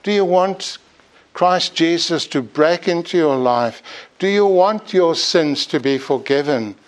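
A man's voice: a little high, expressive, a little slow. A man preaching a sermon, earnestly urging his listeners and pleading with rising emphasis.

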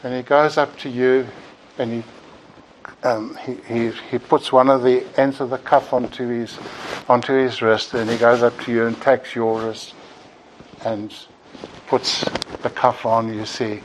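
A man's voice: mid-range voice, little pitch movement, measured pace, slight background noise, poor audio. A man preaching a sermon in a church, earnest and emphatic, sometimes repeating words as he builds a point.

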